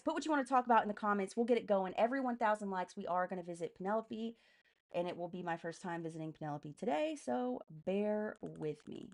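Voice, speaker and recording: A young woman streaming live and venting about politics, cursing constantly and talking fast with mounting anger. Her voice sits at an ordinary middle pitch for a woman, and she sounds worked up and agitated throughout. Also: gravelly. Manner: heavy swearing, fast and heated. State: enraged, agitated.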